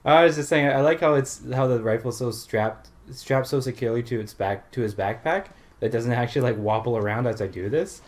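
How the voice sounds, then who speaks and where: A man's voice: medium pitch, brisk, hardly any pauses. A man with a Canadian accent, talking casually while playing a video game as co-host, chatty, laughing often and gushing about films. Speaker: player and co-host. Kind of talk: casual let's-play commentary.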